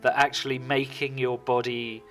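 A man talks through an interview in a bright, forward voice. He tells lively stories, sometimes slipping into quick impressions. A little music sits faintly in the background. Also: mid-range voice. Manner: animated, lively storytelling, puts on voices. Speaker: guest filmmaker. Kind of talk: casual interview chat.

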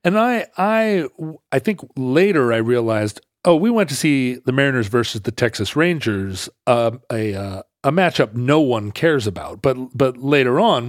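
A middle-aged man from the Seattle area telling casual anecdotes, sometimes acting out loud brash characters. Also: medium pitch, no echo, clean studio sound. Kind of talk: casual storytelling chat.

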